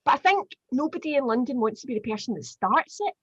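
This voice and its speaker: Glaswegian lady in her 40s telling stories, husky, chatty, bit muffled and dry. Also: high voice, quick pace, no echo. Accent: Glaswegian Scottish. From Glasgow, Scotland. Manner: animated storyteller, chatty with many fillers. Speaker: guest. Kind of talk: casual chat.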